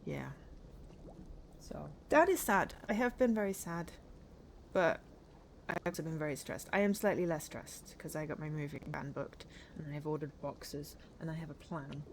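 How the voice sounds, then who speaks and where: An English woman talks her way through a video game on stream, in a lowish voice. She rambles and keeps cutting herself off mid-thought, loose and chatty. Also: normal speed, slight background noise. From northern England. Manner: rambling, self-interrupting, chatty. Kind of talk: casual chat while playing a game.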